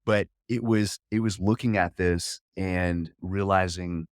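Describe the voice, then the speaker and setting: Man, forties, very low voice, earnest, candid, podcast guest, dry sound. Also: steady tone, takes it slowly, dry recording. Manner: earnest and candid, with frequent restarts. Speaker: podcast guest, wealth management coach. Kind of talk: candid personal storytelling.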